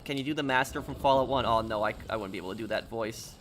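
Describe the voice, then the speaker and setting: A man's voice: mid-range voice, quick pace, a bit bright, slight background noise. A man streaming a video game, chatting casually and rambling through answers to viewers' questions. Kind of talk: casual live-stream chat while gaming.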